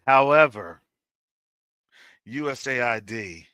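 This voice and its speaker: Animated bright-voiced man host. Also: mid-range voice, takes it slowly, smooth, no echo. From Florida. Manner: animated, jokey, preacherly asides. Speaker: channel host. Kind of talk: casual commentary monologue.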